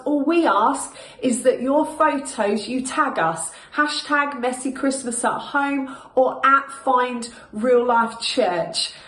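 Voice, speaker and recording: A woman with a high voice wraps up a children's session with upbeat announcements, talking straight to the kids. The sound bounces around an echoey room. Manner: bright, upbeat, addressing kids directly. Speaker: children's ministry host. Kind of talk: cheerful closing announcements to children.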